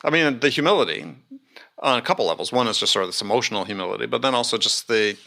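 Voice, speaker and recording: A man hosting a podcast who explains his points in a measured way. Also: mid-range voice, expressive, creaky, pushed and bright. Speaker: podcast host. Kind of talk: conversational interview.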